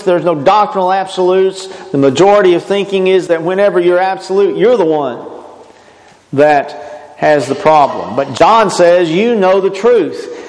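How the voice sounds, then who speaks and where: A man's voice: sits high, a little mellow, in a large hall, low-quality recording. A man preaching a sermon, earnest and emphatic, often restarting his phrases.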